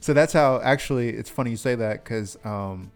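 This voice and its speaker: A man's voice: mid-range voice, normal speed. A man co-hosting a podcast, reading odd headlines aloud and riffing with plenty of profanity. His delivery is casual and jokey. Faint music sits under the talk. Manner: profane, joking, reads news stories aloud. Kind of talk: crude comedic chat.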